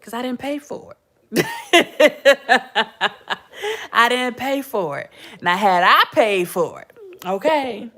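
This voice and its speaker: A middle-aged woman chats through old stories and keeps calling out to her listeners. Her voice sits a little high and rings bright. She laughs easily as she talks. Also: lively intonation, slow pace, pauses often. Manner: chatty, laughing, addresses listeners as y'all. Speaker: podcast host. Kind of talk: casual storytelling to viewers.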